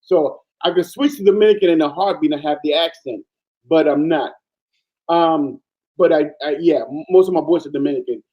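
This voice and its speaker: Animated Panamanian-born man, muffled audio. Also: on the high side, normal speed. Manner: animated, emphatic storyteller. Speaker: guest. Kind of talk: casual chat.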